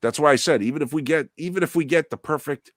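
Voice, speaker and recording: A middle-aged man with a New England accent, co-hosting a casual podcast chat, rambling, profane and quick to laugh. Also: on the high side, no room sound, studio quality. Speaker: podcast co-host.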